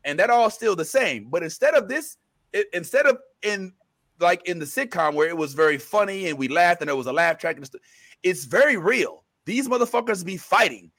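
A man hosting a casual pop-culture talk show, rambling through restarts and fillers and getting animated when he retells scenes. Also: sits high, brisk. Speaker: show host.

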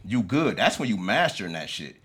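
A man, talking in casual chat with animated street slang and profanity. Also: lowish voice, fairly quick, slightly rough.

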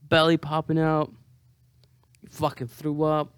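Slow-talking hungover young man. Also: fairly high pitch, completely flat delivery, clear, resonant tone, dry recording. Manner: profane, rambling, self-mocking. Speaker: vlogger. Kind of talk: casual monologue to camera.

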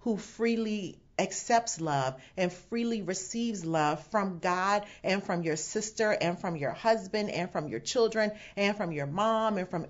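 A woman pastor giving a sermon, teaching with emphatic quoted asides and bursts of laughter. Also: on the low side. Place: home setting away from the sanctuary. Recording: dull lo-fi sound.

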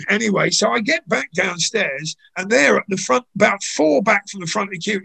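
An older man, a guest in an interview, telling anecdotes in a chatty way full of "you know"s, with a gravelly, husky voice. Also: sits high, bright, forceful tone. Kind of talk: conversational storytelling.

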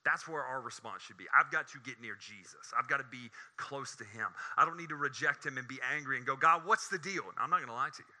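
A man preaching a sermon in an animated, joking way, his voice climbing high when he gets excited. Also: fast talker, hardly any pauses.

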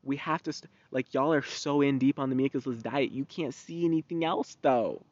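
A young man in his twenties hosting a podcast, talking in a rambling, profane, animated monologue. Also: mid-range voice, normal speed, no echo. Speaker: podcast host. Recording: dull, dry lo-fi recording.

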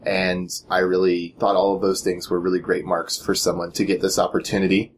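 Low-voiced man hosting a chat. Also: a little fast, a little hiss or hum. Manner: relaxed, chuckling, loose phrasing. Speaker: podcast host. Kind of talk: casual panel chat.

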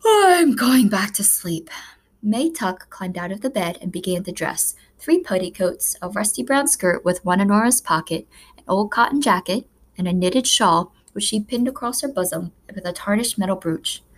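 Woman, audiobook narrator, mid-pitched, measured expressive storytelling, scripted narration.

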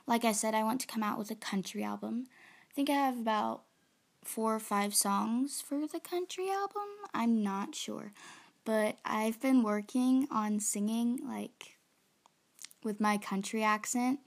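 A young woman chatting casually in a vlog about her songs, rambling with lots of fillers, nervous and excited. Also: a little high, vocal fry. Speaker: aspiring singer-songwriter.

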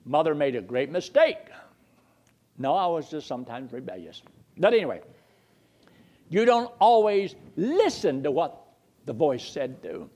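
Animated high-voiced male preacher. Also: unhurried, pauses often. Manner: rises and drops sharply for emphasis, reads scripture aloud, asks the listeners questions. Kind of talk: sermon.

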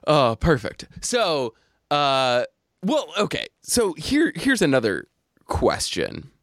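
A man's voice: a little high, wildly swooping pitch, slow pace, fairly bright tone, dry recording, clean studio sound. A man hosting a casual podcast chat, rambling through tangents with lots of fillers and frequent laughter. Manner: giggly, rambling with many fillers. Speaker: podcast host.

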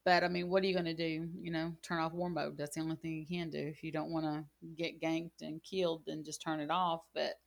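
A woman's voice: sits low, level tone, a little fast, vocal fry, few pauses. A woman in casual gaming chat, telling rambling stories full of "like" and "you know.". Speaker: gaming channel co-host.

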